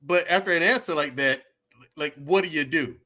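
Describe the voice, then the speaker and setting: A man who served in the army, a guest on a casual podcast, telling animated stories and laughing as he goes. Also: on the high side, normal speed.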